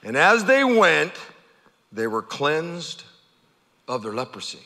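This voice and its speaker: Pastor, male, high bright voice, animated storyteller, big reverberant church. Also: slow pace. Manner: animated storytelling, acting out the characters' shouts. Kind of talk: sermon.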